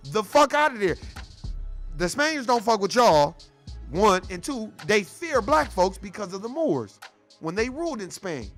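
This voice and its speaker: A man's voice: sits high, fairly bright tone. A man hosting a commentary show, ranting in a profane, heated and mocking way. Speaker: show host.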